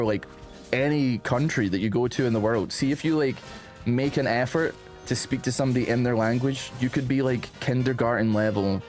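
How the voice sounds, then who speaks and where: A man, streaming and chatting casually, rambling and animated, often calling his viewers "man". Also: mid-range voice. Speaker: streamer reacting to posts.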